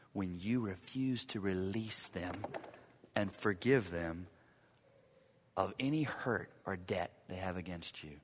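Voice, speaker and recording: A man preaching a sermon, with dramatic swings from loud urgency to hushed, near-whispered lines. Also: lowish voice. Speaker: pastor. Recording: long reverb of a large hall.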